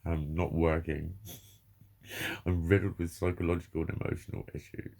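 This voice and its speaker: A man's voice: low-pitched, little pitch movement, moderate pace, gravelly, mellow. A man in his forties talking candidly and emotionally to camera, swearing heavily in a confessional monologue. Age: 40s. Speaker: vlogger.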